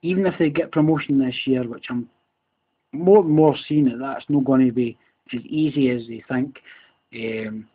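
A husky-voiced Scottish man with a broad Glasgow accent rants on his own podcast, sweary and repetitive after a few beers. His heated delivery comes through a tinny, phone-like recording. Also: medium pitch, normal speed. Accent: Scottish, Glaswegian. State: a bit drunk. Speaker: podcast host. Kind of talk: angry solo rant.

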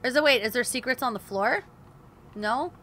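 A woman's voice: a little high, normal speed, bright, forceful tone, a little hiss or hum. A young woman commenting on her gameplay, swearing in frustration and talking to herself and her viewers. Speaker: gaming video host.

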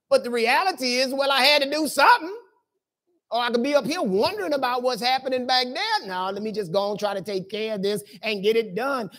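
A man's voice: sits high, fairly bright tone. A man pastor from the preaching a sermon in church, in a talky, colloquial way full of rhetorical questions. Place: church sanctuary.

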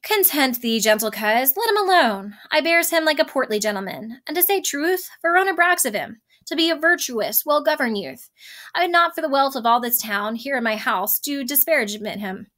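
A woman's voice: sits high, expressive, normal speed, fairly bright tone. A woman reading a commanding old lord. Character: older male lord of the house, commanding.

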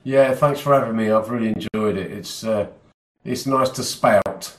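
A male musician, a guest in a casual chat, telling anecdotes in a halting, self-deprecating way. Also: lowish voice, slight background noise. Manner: self-deprecating, halting with many fillers and restarts. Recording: echoey room sound.

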